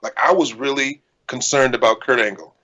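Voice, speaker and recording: A man's voice: medium pitch, moderate pace, sharp tone, highs cut off. A man in his thirties, co-hosting a podcast and talking in a candid, rambling way. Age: 30s. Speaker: podcast co-host, indie wrestler. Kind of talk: casual podcast chat.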